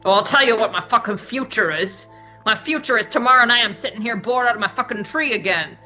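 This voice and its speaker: A woman's voice: a little high, brisk, pushed and bright, faint music behind, voice pushed up, low-quality recording. A woman voicing a bored, grumpy man in a tabletop game, sour and swearing.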